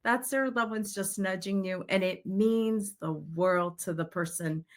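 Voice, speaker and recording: A woman's voice: mid-range voice, measured pace. A middle-aged woman, a psychic medium, telling a story in an interview and acting out the quoted voices.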